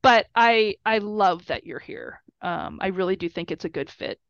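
A woman's voice: mid-range voice, lively intonation, normal speed, no echo, muffled recording. A middle-aged woman, a mother, telling a story casually and emotionally, with many fillers and quoted dialogue. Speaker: mother of a college football player.

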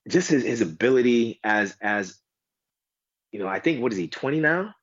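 A man from the United States chatting casually as a podcast guest, rambling with lots of restarts and animated asides. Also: medium pitch, a little slow, no echo. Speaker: guest DJ and tennis fan. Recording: dull lo-fi dry sound.

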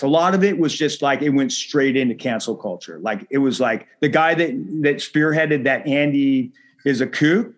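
A man, speaking as an interview guest. His voice sits a little high for a man. He rambles, swears constantly, fills every gap with "like" and never lets go of his indignation. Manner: profane, rambling, filler-heavy "like" talk; heated, indignant. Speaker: podcast guest. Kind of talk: casual interview talk.

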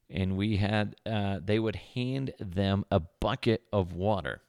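A man's voice: on the low side, takes it slowly, hardly any pauses, darkish tone, clear, resonant tone, no room sound, studio quality. A man hosting a podcast, telling rambling stories with crude jokes in a casual, offhand way. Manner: jokey, rambling, crude humor, frequent fillers. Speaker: podcast host. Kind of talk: casual rambling storytelling monologue.

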